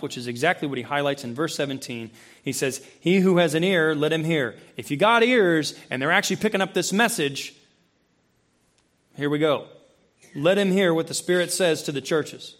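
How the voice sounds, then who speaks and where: A man with a high, light voice preaches a sermon into a close microphone. He throws questions at his listeners and acts out voices. His delivery swings from loud, high emphasis down to low, quiet intensity. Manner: acts out quoted voices and asks the congregation questions. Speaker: pastor. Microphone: handheld or stand mic, close.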